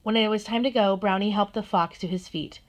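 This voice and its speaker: A woman narrating a children's storybook in a gentle, steady manner. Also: mid-range voice, fairly quick, a little hiss or hum. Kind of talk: storybook read-aloud.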